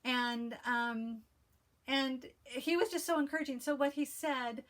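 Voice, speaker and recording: A woman with a slightly high, calm and soothing voice chats to her viewers in a relaxed vlog. She talks in a loose, friendly way, restarting her sentences and filling pauses, then settles into reading a short devotional aloud. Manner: chatty, with frequent restarts and fillers. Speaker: cross-stitch video host. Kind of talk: casual chat and devotional reading.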